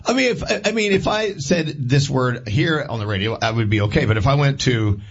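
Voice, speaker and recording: Animated, husky radio host man. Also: medium pitch, fairly quick, lo-fi sound. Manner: animated storyteller. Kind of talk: casual radio chat.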